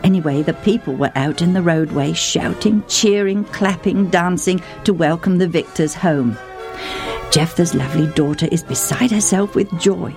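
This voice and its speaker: A woman's voice: on the low side, moderate pace, darkish tone, faint music behind. A woman telling a story with vivid emotion, speaking straight to her listeners. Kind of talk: dramatic story narration.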